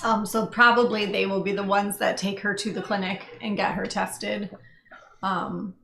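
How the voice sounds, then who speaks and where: A woman in casual livestream chat at home, talking earnestly with pauses and restarts. Her voice has a gravelly fry, and the room is echoey with faint hiss behind it. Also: mid-range voice, flat delivery. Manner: earnest, thoughtful, many ums and restarts. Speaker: kitten foster volunteer co-host.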